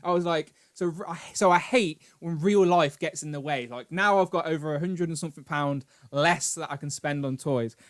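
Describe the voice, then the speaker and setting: A British man hosting a live stream, telling a long story in an animated, rambling way with grumbling asides. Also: on the high side, normal speed, few pauses. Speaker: host. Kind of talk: casual live-stream chat.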